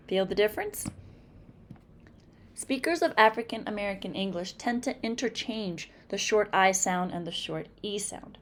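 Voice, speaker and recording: A woman's voice: mid-range voice, expressive. A woman with a Massachusetts accent teaching a phonics lesson, carefully sounding out example words one by one. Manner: slow, deliberate, over-articulating example words.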